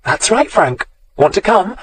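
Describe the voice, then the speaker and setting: A man doing a brisk woman detective inspector. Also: fairly high pitch, breathy edge. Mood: sweetly mocking. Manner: brisk, businesslike.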